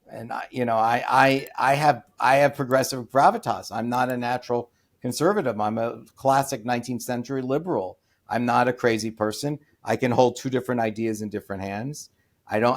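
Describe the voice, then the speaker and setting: A man speaking as an interview guest in an opinionated conversation, emphatic, often repeating and restarting phrases, with sudden rises in pitch and loudness.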